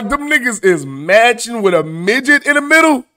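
A man hosting a comedic news commentary show, animated, profane and mocking as he reacts to clips. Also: sits high, measured pace, few pauses.

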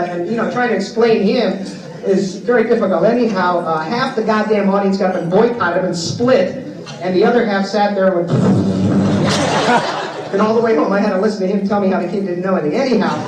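A man giving a comic roast introduction at a conference, firing off wisecracks and tall tales at a rapid clip. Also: high-pitched, recorded from a distance. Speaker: emcee introducing the speaker. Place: conference hall stage with PA. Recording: echoey hall taped from the audience on cassette, loud hiss.

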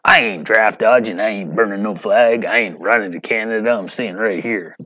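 A man voicing a defiant, proud boxer who refuses the draft, delivering the lines in a slow, emphatic declamation. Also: on the low side, bright, forceful tone, lo-fi sound.

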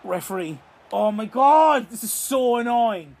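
A young Irish man giving live, excitable commentary on a football video game, swearing and shouting at the action. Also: very high voice, unhurried, creaky. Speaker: gaming YouTuber.

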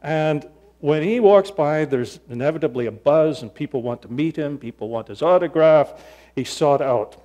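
A male pastor preaching a sermon, telling stories in an animated way and acting out voices. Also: fairly high pitch, normal speed. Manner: storytelling, animated, acts out voices.

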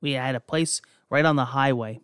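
A man's voice: mid-range voice, normal speed, a bit bright, clear, resonant tone, no room sound, studio quality. A young man from New Jersey hosting a podcast, telling personal stories in a rambling, profane way, full of restarts. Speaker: podcast host. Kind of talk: casual personal storytelling.

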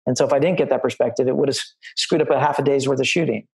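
A man's voice: mid-range voice, steady tone, racing, gravelly, slightly rough, low-quality recording. A middle-aged man, a line producer, telling film-set stories to students on a video call, rambling and restarting often. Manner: anecdotal and rambling, with many restarts. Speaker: line producer giving career advice.

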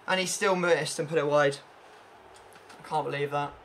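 A young man commentating his own football video game matches, excitable and swinging from frustrated groans to loud cheering. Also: a little high, moderate pace, a little hiss or hum. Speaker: gaming YouTuber. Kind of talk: live gameplay commentary.

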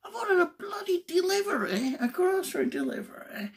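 A man's voice: very high voice, big pitch swings, brisk, a crowd in the background. A man, rambling to camera in a casual, self-mocking, exclamatory way. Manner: exclamatory, self-mocking, chatty dialect talk. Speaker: vlogger.

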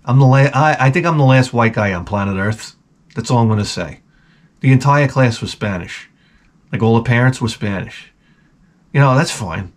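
Speaking at a normal speed with a medium-pitched voice, a middle-aged man from Long Island, New York rambles through a casual vlog monologue, telling a story that's both profane and sardonic.

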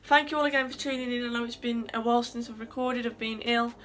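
A British woman hosting a football fan video, a little hoarse from being ill, chatty and upbeat. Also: a little high, fairly even intonation, fast, fairly bright tone. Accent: British English. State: hoarse from illness. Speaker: podcast host.

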